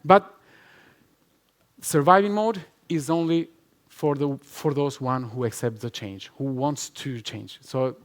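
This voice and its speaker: An Albanian man with a medium-pitched voice speaks slowly, giving a talk in a conference hall before a live audience and then taking their questions. He's emphatic and repetitive, and he laughs often.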